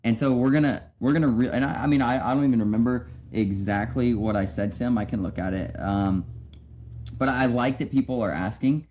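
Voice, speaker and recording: A man's voice: medium pitch, a little fast, darkish tone, a little hiss or hum. Man giving a casual devotional talk. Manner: conversational, many restarts and "right?". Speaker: podcast host.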